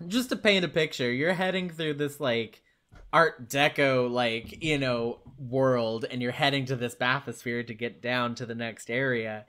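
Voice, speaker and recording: A man co-hosting a casual podcast, a lively storyteller who laughs as he recaps scenes. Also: medium pitch, unhurried. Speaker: podcast co-host.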